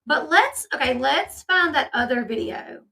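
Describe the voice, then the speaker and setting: A woman's voice: sits high, expressive, measured pace, gravelly, sharp tone, far from the mic, low-quality recording. A woman hosting a casual commentary video, chatty and opinionated with many fillers. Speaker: commentary channel host.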